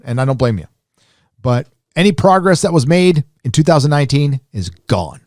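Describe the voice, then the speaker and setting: A man's voice: fairly high pitch, brisk, dry recording, studio quality. Rambling man hosting a live stream. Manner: rambling, animated, many fillers and restarts. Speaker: live show host. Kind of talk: casual live-stream commentary.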